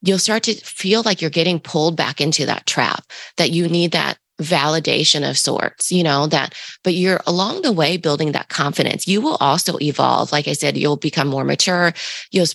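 A woman with a low, gravelly, raspy voice talks through a casual podcast monologue. She coaches her listeners in a rambling way, full of fillers and restarts. The sound is close and dry. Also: fairly bright tone, no room sound. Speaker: podcast co-host.

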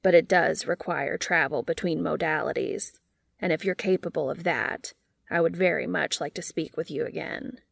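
A woman voicing an eager, flirty male skeleton who speaks in corny pickup lines with a deep, dudeish voice. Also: normal speed, gravelly, no echo, clean studio sound, heavily acted. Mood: earnest.

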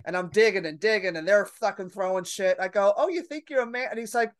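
A woman's voice: medium pitch, fast. A woman comedian telling a story in a podcast conversation, brash and profane, acting out the people in it. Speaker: comedian guest.

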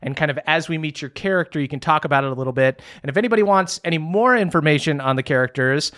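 A man's voice: on the high side, quick pace, fairly bright tone. Man narrating a mock-grand storybook intro. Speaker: game master. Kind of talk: podcast storytelling and game hosting.

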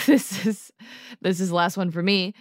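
A woman's voice: medium pitch, fairly even intonation, measured pace, no echo, clean studio sound. A woman co-hosting a podcast in laid-back casual chat, teasing her co-host and often trailing off.

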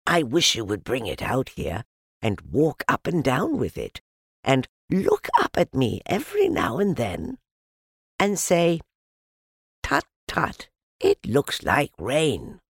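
A man voicing a gentle, slow-witted teddy bear in a storybook reading, with an earnest, musing manner. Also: mid-range voice, huge pitch swings, gravelly, breathy edge, no echo, clean studio sound, voice pushed up, full character voice. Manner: earnest, musing, drawn-out phrasing.

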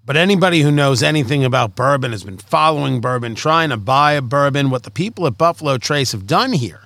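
A man co-hosting a podcast, chatting casually in an animated, joking, self-mocking way. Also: mid-range voice, a little fast, dry recording, clean studio sound. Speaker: podcast co-host. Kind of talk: casual banter.

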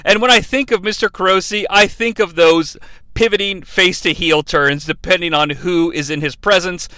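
A man's voice: high-pitched, moderate pace, pushed and bright, clear, resonant tone, no echo. A man hosting a comedic podcast, rambling and profane, often interrupting himself and laughing. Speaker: podcast host. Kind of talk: comedic solo podcast riff.

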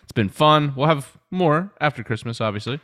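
A man's voice: fairly high pitch, lively intonation, normal speed, fairly bright tone. A man co-hosting a podcast, joking around in an easygoing way. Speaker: podcast co-host. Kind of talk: casual podcast chat.

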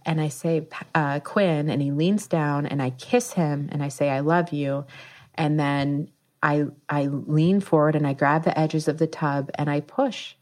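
A woman in her thirties telling a personal story in a casual, animated way, acting out the lines she quotes. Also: low-pitched, measured pace. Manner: animated, acts out quoted speech.

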